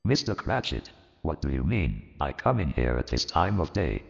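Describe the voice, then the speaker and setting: A man playing an old miserly man turned joyful and repentant, with a gravelly voice and a theatrical, animated delivery in an audio drama. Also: normal speed, full character voice. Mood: mock-stern. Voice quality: gravelly, very deep. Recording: reverberant, dull lo-fi, faint music.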